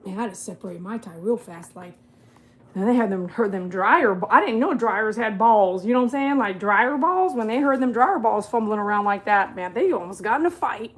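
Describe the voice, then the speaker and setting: A woman's voice: mid-range voice, expressive, brisk, husky. A woman from St. chatting casually in a home vlog, talking to her dogs and laughing easily, recorded on a phone. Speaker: dog groomer and vlogger. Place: home and backyard in winter.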